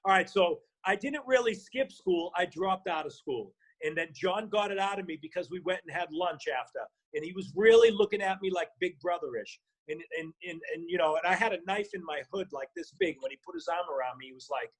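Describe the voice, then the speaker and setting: A middle-aged man with a Boston accent, a podcast guest and actor, telling stories in an animated way, swearing freely and acting out the voices he quotes. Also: a little high, brisk, breathy edge, rough recording. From Boston area. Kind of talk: casual storytelling.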